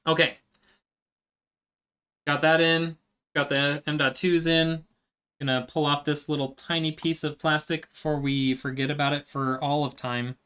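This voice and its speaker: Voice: medium pitch, little pitch movement, unhurried, pauses often, fairly bright tone, smooth. A live streamer chatting casually with viewers while working, answering chat as they go.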